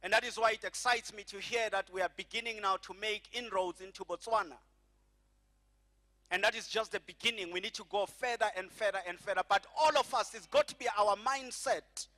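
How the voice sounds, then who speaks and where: A middle-aged man preaching a sermon as pastor, slowing and stretching key phrases and having the congregation repeat after him. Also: high voice, pushed and bright.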